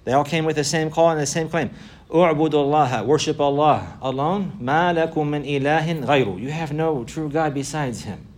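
Male religious teacher, rapid delivery, repeats phrases for emphasis, quick Arabic recitation. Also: a little high. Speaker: Islamic teacher. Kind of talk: religious lesson.

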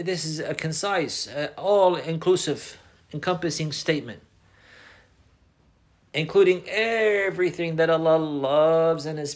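Male teacher, slightly high voice, classroom lesson style, repeats key points and quizzes students. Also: fairly bright tone. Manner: mixes Arabic phrases into English. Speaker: Islamic teacher.

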